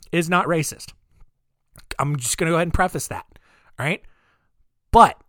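A man's voice: a little high, a bit bright, no room sound, clean studio sound. A male podcast host telling history stories in a joking, rambling way full of asides. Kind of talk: comedic history storytelling.

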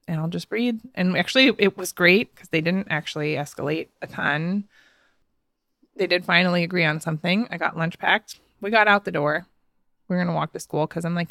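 A woman's voice: on the low side, fairly quick, creaky, fairly bright tone, no room sound, clean studio sound. A woman in her thirties, a podcast host, telling a personal story in a casual, chatty way with frequent laughs and fillers. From United States.

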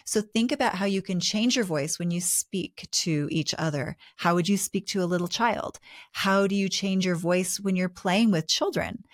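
A woman co-hosting a relationship advice talk show, explaining in a calm, measured way. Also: on the low side, no echo, studio quality. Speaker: co-host.

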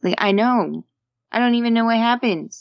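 A woman's voice: on the high side, normal speed, gravelly, no room sound, muffled recording. A woman co-hosting a casual movie-review podcast who speaks bluntly and swears freely. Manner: blunt and profane. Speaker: podcast co-host.

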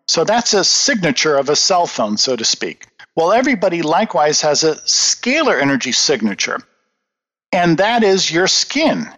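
A man's voice: fairly high pitch, a bit bright. A man answering interview questions in an earnest, emphatic, lecturing manner. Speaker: guest. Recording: dull lo-fi audio with long reverb.

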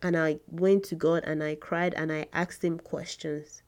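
A woman's voice: low voice, little pitch movement, a little mellow. A woman in her thirties hosting a faith podcast, talking earnestly and repeating words for emphasis. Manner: earnest and slow, with emphatic repetition. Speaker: podcast host.

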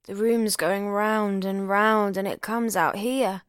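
A woman's voice: mid-range voice, unhurried, darkish tone, no room sound, clean studio sound, close to an everyday voice. A woman reading aloud voices a drunken man who bellows songs and exclamations, then slurs and pleads. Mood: slurred pleading. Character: loud drunken man, boisterous then sleepy.

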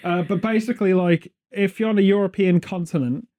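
A man's voice: high-pitched, brisk, dark tone. A man hosting a podcast, rambling and joking sarcastically in casual chat. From Britain. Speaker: podcast host.

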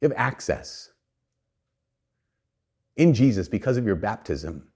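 Male preacher, low-pitched voice, earnest animated sermon delivery, casual asides, frequent restarts. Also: unhurried, husky. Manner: repeats and restarts phrases.

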